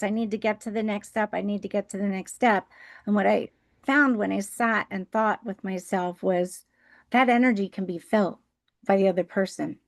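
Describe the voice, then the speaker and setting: A woman on a video call earnestly sharing her reflections with her team, thinking aloud with frequent ums and "right?". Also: mid-range voice. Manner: earnest, thoughtful, uses many fillers and "right?". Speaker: team member on a training call.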